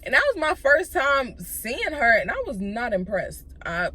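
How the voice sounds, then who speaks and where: A young woman tells a story for her vlog in a casual, profane rush, leaning hard on fillers. Her voice sits a little high and leaps up and down with lively swings. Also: measured pace, slightly rough. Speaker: vlogger.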